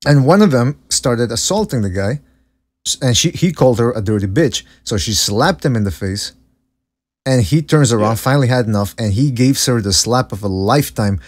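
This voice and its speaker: A man with a husky, slightly breathy voice talks loosely on a podcast. He recounts events in a rambling way, circling back and restarting his sentences as he goes. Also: medium pitch, animated, moderate pace. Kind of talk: casual chat.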